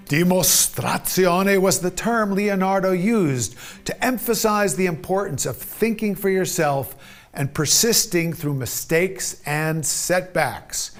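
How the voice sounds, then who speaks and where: A man with a fairly high voice narrates a lesson at a slow, unhurried pace. He sounds measured and deliberate, and faint music plays behind him. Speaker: course instructor.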